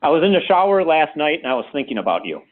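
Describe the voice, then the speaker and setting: A man's voice: fairly high pitch, very animated, quick pace. A man doing a half-hearted impression of a male colleague telling an odd story, with a tinny, phone-like sound. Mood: confiding.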